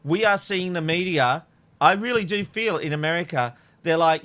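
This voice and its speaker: A man hosting a casual panel talk show, animated and reading out quotes. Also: a little high, moderate pace. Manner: animated, reads out quotes, laughs between lines. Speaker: host.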